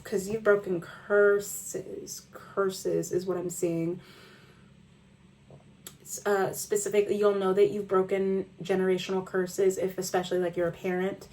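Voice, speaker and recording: A woman in a casual tarot reading, talking in a loose, chatty way and circling back over the same reassurances. Her voice is mellow and soft-edged, and it sits a little away from the microphone. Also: mid-range voice, level tone, measured pace, distant mic, a little hiss or hum, poor audio. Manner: chatty, repetitive, reassuring, with slang and cussing. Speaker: tarot reader. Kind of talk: casual spiritual reading to camera.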